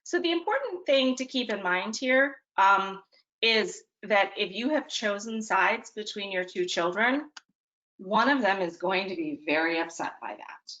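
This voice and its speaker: A woman presenting to parents in a webinar speaks at medium pitch, animated yet a little slow, her voice a bit bright despite dull audio. She talks casually with dry, self-mocking humor, regularly pausing to ask "okay?"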